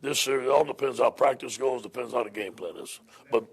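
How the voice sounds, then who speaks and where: A man with a gravelly, husky voice speaks as a head football coach at a press conference. He is plain-spoken, repeating and restarting his words as he goes. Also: medium pitch, brisk.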